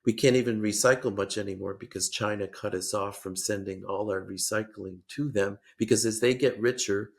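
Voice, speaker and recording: Older man, podcast guest, low gravelly voice, hesitant, restarts sentences. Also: fairly even intonation. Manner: measured, hesitant, many restarts. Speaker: guest policy expert. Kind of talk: podcast interview.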